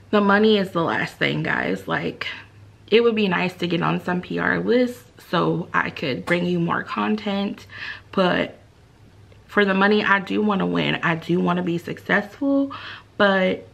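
Woman beauty vlogger, unhurried delivery, candid confiding chat. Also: on the low side, vocal fry, a bit bright. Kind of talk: casual vlog chat.

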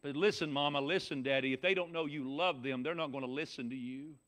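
A man with a Southern US accent, preaching a folksy sermon as pastor, dropping from loud shouts to soft, low talk. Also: fairly quick.

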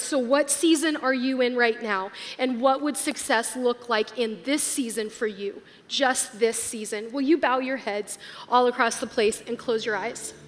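A woman pastor with a high, fairly bright voice delivers an earnest, emotional sermon to a live audience, at times tearful. The live hall carries long reverb, with faint music behind her.

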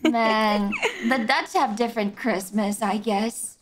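A woman chatting excitably and rambling while playing a game with a friend on stream. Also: on the high side, takes it slowly, hardly any pauses. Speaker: guest streamer. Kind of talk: casual gaming chat. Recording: noisy stream audio.

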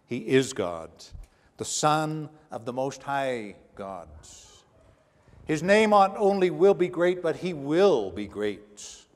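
A man's voice: on the high side, very animated, slow. Preaching man in a reverberant church. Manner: dramatic preaching, swinging from hushed to raised. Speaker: pastor. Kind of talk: sermon. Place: church sanctuary.

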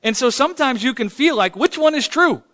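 A church leader hosts an informal Q&A in an extremely high, sharp, animated voice at a brisk pace. He speaks fervently and keeps repeating "man" and "Glory to God."

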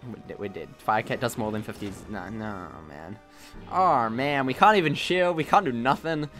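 Animated and fairly bright, this man's mid-range voice moves at a normal speed as he plays a video game for his gaming channel. He cracks jokes at his own expense and exclaims at the action, with faint music behind him.

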